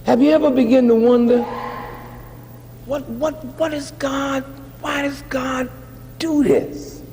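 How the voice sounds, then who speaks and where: A man preaching a lecture in a slow, dramatic cadence, with a voice that sits unusually high for a man. His words carry a long reverb from a large hall. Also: steady tone, darkish tone, slight background noise. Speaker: activist lecturer. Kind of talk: sermon-like public lecture.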